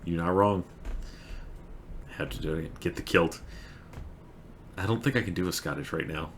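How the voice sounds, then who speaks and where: A man's voice: low voice, normal speed, long pauses, a little hiss or hum. A man hosting a livestream, chatting with viewers and reading verse aloud with dramatic swells, breaking off to giggle. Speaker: livestream host. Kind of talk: casual stream chat and reading a poem aloud.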